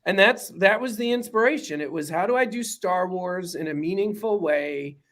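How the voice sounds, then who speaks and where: A man with a New York accent, a documentary director talking as a guest on a video call, animated and joking. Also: sits high, moderate pace. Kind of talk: casual video-call interview.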